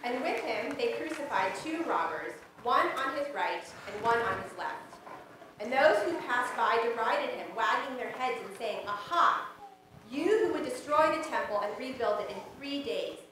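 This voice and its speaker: A woman giving a steady, measured public scripture reading in a church. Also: on the high side. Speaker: scripture reader. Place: church sanctuary. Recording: distant mic, roomy church echo, background noise.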